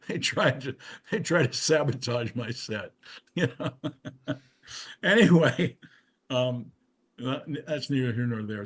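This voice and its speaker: Older man telling rambling stories. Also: on the low side. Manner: rambling, with frequent restarts and asides. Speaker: musician guest. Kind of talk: casual storytelling interview.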